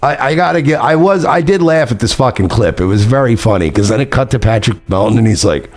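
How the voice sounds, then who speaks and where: A man's voice: medium pitch, sing-song, brisk, few pauses. A man streamer delivering heated, profane, repetitive commentary, ranting and reacting to clips. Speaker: streamer host.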